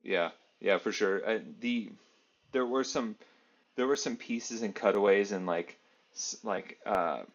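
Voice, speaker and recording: A man with a fairly low voice co-hosts a podcast, chatting casually at a measured pace. He rambles and relies on filler words, and the lo-fi audio sounds slightly dull.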